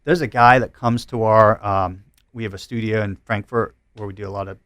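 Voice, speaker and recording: A middle-aged man from Glasgow with a softened Glaswegian Scottish accent, chatting as a podcast guest and telling rambling anecdotes he laughs at. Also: on the low side, steady tone, a little fast, no echo, clean studio sound. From Scotland. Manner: rambling storyteller who laughs at his own anecdotes. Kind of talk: casual chat.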